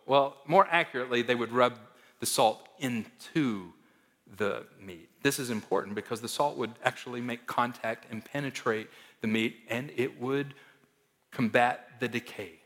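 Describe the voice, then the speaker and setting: Guy preaching a sermon, middle pitched voice, gets loud then goes quiet, big echoey church hall. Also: moderate pace. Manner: emphatic, swings between loud and hushed. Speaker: pastor.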